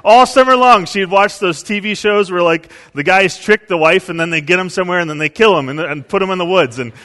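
A male pastor preaches a sermon, telling stories and acting out quotes with big swings in pitch and volume. His delivery is brisk, pushed and bright, trailing a long reverb tail.

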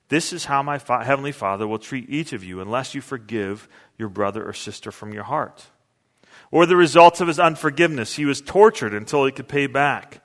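A man's voice: mid-range voice, expressive, fairly quick, a bit bright. A man preaching a sermon in an earnest, conversational way, reading scripture and explaining it. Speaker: pastor. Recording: long hall reverb.

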